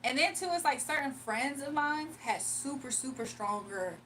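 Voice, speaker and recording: A woman's voice: high voice, animated, normal speed, a bit bright, recorded from a distance, slight background noise, rough recording. A young woman with a Southern accent, chatting casually on a livestream as she reads out comments and laughs often. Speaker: livestreamer and spiritual reader. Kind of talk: casual livestream chat, reading comments aloud. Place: home room.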